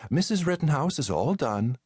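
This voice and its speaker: A man's voice: on the high side, big pitch swings, normal speed, a little mellow, breathy edge, no room sound, pitched above the performer's own voice. A man voicing an older aunt who runs a funeral home, with a dry, matter-of-fact manner. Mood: brisk, dry. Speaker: character in audiobook.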